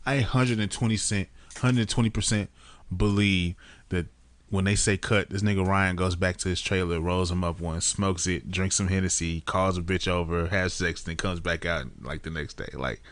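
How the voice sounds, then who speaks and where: A man's voice: low-pitched, fairly even intonation, normal speed. A man co-hosting a casual podcast, blunt and slangy, laughing and exaggerating for effect. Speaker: podcast co-host. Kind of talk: casual chat.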